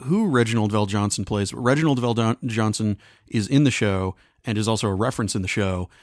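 A man's voice: fairly low pitch, fairly quick, dry recording, clean studio sound. A man co-hosting a podcast in casual chat, playful and laughing at his own remarks.

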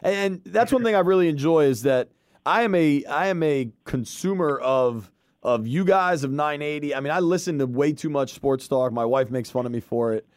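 Friendly laughing podcast host, dry sound. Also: male voice, fairly high pitch, lively intonation, moderate pace, dry recording. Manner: friendly, laughing, says dude a lot. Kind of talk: casual podcast interview.

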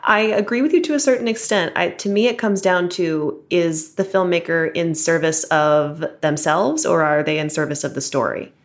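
Low-voiced opinionated woman co-host. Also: moderate pace, hardly any pauses. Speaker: podcast co-host. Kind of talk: casual podcast discussion.

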